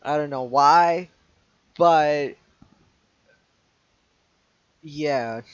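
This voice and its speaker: A streamer reacting to videos live, talking quietly and haltingly with frequent laughs. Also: male voice, fairly high pitch, clean tone, no echo, muffled recording.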